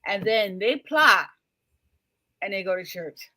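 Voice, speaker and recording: A woman hosting a casual book club chat, expressive and enthusiastic. Her pitch swings widely, and her voice is bright. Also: takes it slowly.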